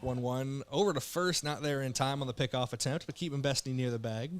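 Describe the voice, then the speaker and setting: A young man from South Dakota calling baseball play-by-play with relaxed, joking banter between pitches while fighting the hiccups. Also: brisk. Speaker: play-by-play announcer.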